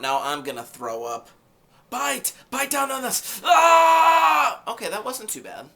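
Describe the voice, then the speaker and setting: Bright-voiced man chatting through a TV recap. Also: mid-range voice. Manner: lively, jokey asides and rhetorical questions. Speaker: podcast host. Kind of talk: casual TV episode recap commentary.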